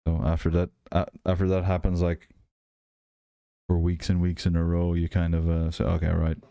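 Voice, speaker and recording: A man with a softened Irish accent, chatting casually and rambling as a livestream host. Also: deep voice, normal speed, clear, resonant tone, no room sound. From Ireland. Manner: rambling, relaxed, many fillers and restarts. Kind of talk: casual chat while building and reading chat.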